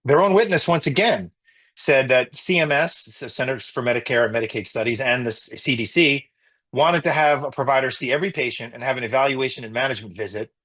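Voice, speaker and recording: A middle-aged man, a physician, giving an emotional personal account in an interview, halting with many restarts. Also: mid-range voice, fairly bright tone, breathy edge, rough recording.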